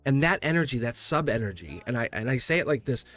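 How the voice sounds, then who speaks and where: A man doing a live tarot reading, talking in an excitable, rambling way and laughing often between thoughts. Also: mid-range voice, fast, soft background music. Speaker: tarot reader.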